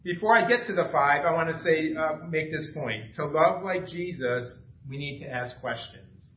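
A man's voice: a little high, moderate pace, slight background noise. A middle-aged man preaching an informal, conversational sermon, self-deprecating and asking the room questions. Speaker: pastor. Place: small church room. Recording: echoey room from far off, dull sound.

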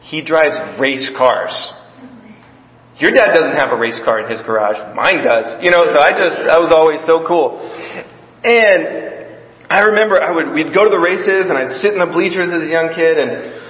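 Man, sermon, chatty storytelling, rhetorical questions, slightly high voice, echoey hall. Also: normal speed. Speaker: preacher. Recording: echoey hall, dull lo-fi sound.

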